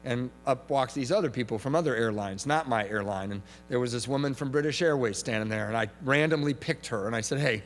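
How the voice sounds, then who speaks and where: A man giving a talk at a recovery meeting, telling a story with lively comic timing and shouting some punchlines. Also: medium pitch, fairly quick, hardly any pauses, faint music behind. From from Southern California. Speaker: AA speaker. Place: large hall with audience. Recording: reverberant hall recording with faint hum.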